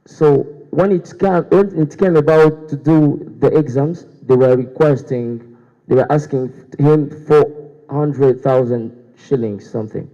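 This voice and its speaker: Hesitant young man with a dark voice. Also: mid-range voice, measured pace. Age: young adult. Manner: hesitant, many fillers and restarts. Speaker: student guild candidate. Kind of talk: debate answer. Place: university hall. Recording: dull echoey hall sound.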